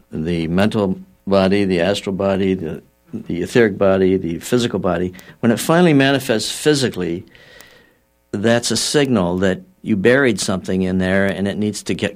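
Deep-voiced man telling a story. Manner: storytelling with acted-out quotes and frequent fillers; measured and explanatory. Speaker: guest healer. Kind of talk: explaining a healing theory on a talk show.

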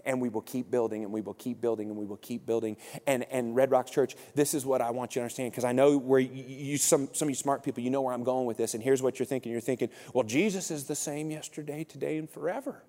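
A pastor in his forties preaching a sermon in a lively, joking way, often acting out quotes. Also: medium pitch, fast, few pauses. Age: 40s. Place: church auditorium. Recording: reverberant hall.

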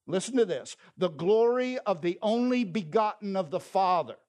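A man preaching a sermon as pastor, reading scripture and explaining it in a deliberate, emphatic way. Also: sits high, lively intonation, darkish tone.

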